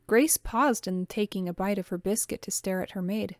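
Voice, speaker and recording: A woman narrating a novel aloud as an amateur reader, calm and steady. Her voice sits at an ordinary middle pitch. The recording is dry and close. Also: moderate pace, few pauses, no room sound.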